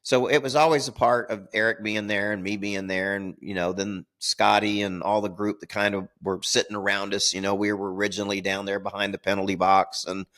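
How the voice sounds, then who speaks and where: Older male podcast co-host, low voice, rambling anecdotal storyteller who chuckles at himself. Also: flat delivery, fairly quick, hardly any pauses, a bit bright. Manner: rambling, repeats words, laughs at own stories. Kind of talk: casual storytelling.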